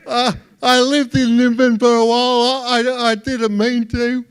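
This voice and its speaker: A man with an Australian accent doing stand-up comedy for a live audience, with a halting delivery full of repeated words. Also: extremely high pitch, smooth. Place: live stage before an audience.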